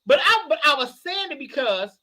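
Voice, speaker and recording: A man chatting casually as a guest, an animated storyteller who laughs often and sounds a little tipsy. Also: extremely high pitch, normal speed. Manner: animated storyteller, laughs a lot, hoarse shouts when excited. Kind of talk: casual chat.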